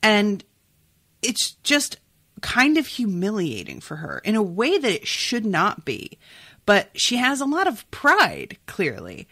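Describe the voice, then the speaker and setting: With a medium-pitched voice that swings hugely in pitch, a sniffly young woman chats about a book on her podcast, slowly and in a sharp tone. She says "like" and "um" constantly, and there's no room sound at all.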